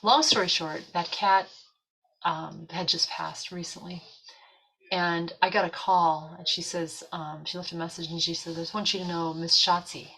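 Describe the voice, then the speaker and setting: A woman's voice: lowish voice, normal speed, slight background noise, rough recording. A woman in casual chat, telling a story and acting out the voices of people in it. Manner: animated storyteller, acts out quoted voices.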